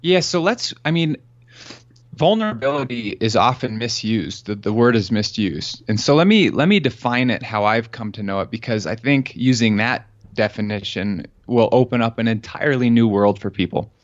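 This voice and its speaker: A man's voice: medium pitch, moderate pace, dull audio. A man as a podcast guest, earnestly telling a personal story and acting out the dialogue. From Colorado. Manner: earnest, animated storyteller who acts out quoted dialogue. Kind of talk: storytelling in an interview.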